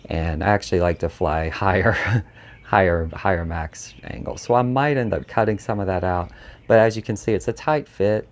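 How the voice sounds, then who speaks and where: Low-voiced guy reviewing a drone, super excited, rambly, lots of ums. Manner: enthusiastic, rambling with fillers and restarts. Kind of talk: casual product review.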